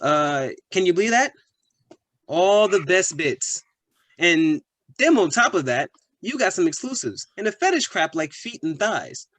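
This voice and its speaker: A man's voice: high-pitched, sing-song, a little slow, a bit bright, no echo, exaggerated voice. A man playing a crude, pushy young British bloke with a British accent who is boastful and full of slang. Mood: leering. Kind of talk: comedy sketch acting.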